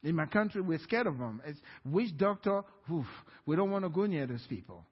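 A man preaching a sermon in a church, telling a personal story and swinging from quiet to loud. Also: on the high side, big pitch swings, fairly quick, husky. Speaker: guest preacher. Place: church sanctuary. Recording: dull, reverberant church hall.

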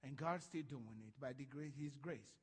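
A male pastor preaching a sermon, swinging from hushed lines to loud ones and acting out voices from Bible stories. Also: mid-range voice, normal speed, slightly rough, long reverb tail.

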